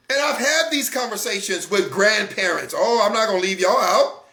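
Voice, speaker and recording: A man's voice: sits high, moderate pace. A man hosting a Christian broadcast, talking in an emphatic, intense way and hammering the same phrases over and over. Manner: intense, refuses to calm down. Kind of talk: impassioned broadcast talk. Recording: echoey room.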